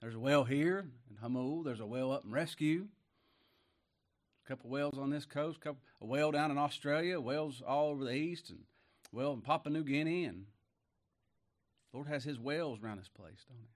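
Man, folksy preacher with a chuckle, tag questions to the pews. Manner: bursts into high exclaims; slow scripture reading in King James wording. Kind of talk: folksy sermon.

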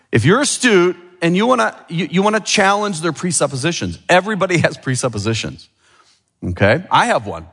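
Preaching man in an echoing church. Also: medium pitch. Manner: asks the congregation rhetorical questions; lively preaching, swings from quiet to emphatic. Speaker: pastor. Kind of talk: sermon. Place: church sanctuary. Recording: long hall reverb.

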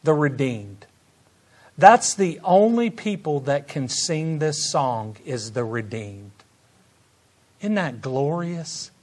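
A man preaching a sermon, moving between quiet, drawn-out asides and loud bursts of praise. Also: expressive. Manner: swings from soft, slow asides to loud, high exclamations of praise. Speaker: pastor.

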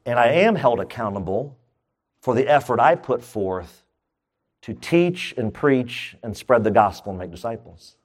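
A middle-aged male pastor preaching a sermon in an emphatic style, with comic asides and sudden jumps up in pitch. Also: expressive, a little slow.

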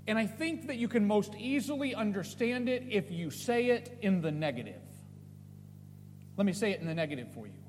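A man with a high voice preaches a sermon, pressing his points with emphatic questions that climb in pitch. His voice rings in a reverberant church hall. A faint hum sits underneath. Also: very animated, a little fast. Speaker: pastor.

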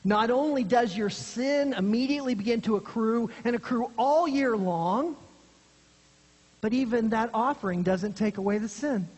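Husky-voiced preacher in a reverberant hall. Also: normal speed. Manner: earnest, drops low and quiet for emphasis. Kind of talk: expository sermon.

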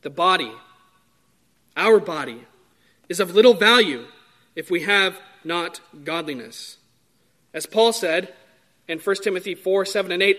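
A man preaching a sermon in a measured, emphatic way, drawing out key words. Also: sits high, fairly bright tone.

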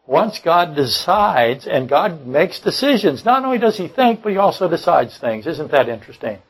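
A man's voice: a little high, big pitch swings, brisk, breathy edge, low-quality recording. An older man preaching a sermon, blunt and combative, often repeating and restarting his phrases. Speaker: pastor. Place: church service.

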